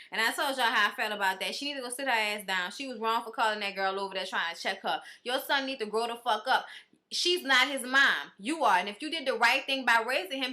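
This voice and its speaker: High bright-voiced woman, blunt and profane. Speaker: reality TV recap host. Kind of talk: casual reality show recap.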